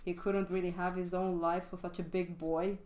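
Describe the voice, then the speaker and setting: A woman's voice: fairly low pitch, little pitch movement, normal speed, darkish tone, slight background noise. Chatty woman teaching drawing on stream. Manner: chatty and frank, swears casually. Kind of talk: casual live-stream drawing lesson. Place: home studio, live stream.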